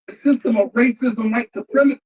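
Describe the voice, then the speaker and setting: An earnest debater makes a case in a played clip, and the voice sits at a middle pitch. The speaker builds points slowly and repeats words along the way. The sound is a little dull. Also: steady tone.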